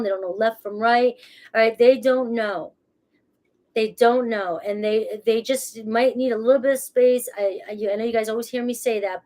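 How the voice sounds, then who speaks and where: Her voice is fairly high and a little mellow as she does a casual tarot reading for the camera. She keeps things chatty and reassuring, frequently adding "okay" and "all right," laughing at herself and starting her sentences over.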